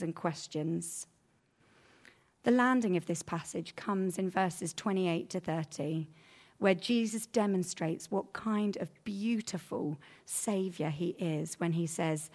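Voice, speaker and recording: Preaching with a voice on the low side, a woman gives an earnest sermon in a conversational style, livening up whenever she turns to examples from everyday life.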